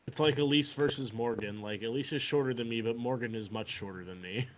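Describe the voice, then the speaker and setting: A man's voice: medium pitch, fairly quick. A man playing a tabletop game, chatting with dry, laughing asides. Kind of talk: casual game chat.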